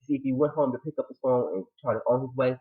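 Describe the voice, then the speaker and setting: Male TV reviewer, mid pitch, animated casual recap, tinny phone-quality audio. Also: fast. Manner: animated, dramatic retelling with quoted reactions. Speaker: TV show reviewer.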